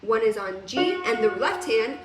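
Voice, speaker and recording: A woman's voice: on the high side, lively intonation, normal speed, echoey room, recorded from a distance. A woman teaching a piano lesson on video, chatty and casual, laughing now and then. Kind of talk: recorded music lesson. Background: piano playing.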